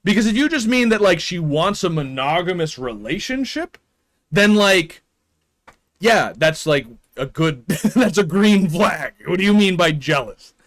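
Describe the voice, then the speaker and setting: On a live stream, a man chats casually in a high voice whose pitch swings widely up and down. He speaks a little slowly, rambles, voices strong opinions, and laughs often between points.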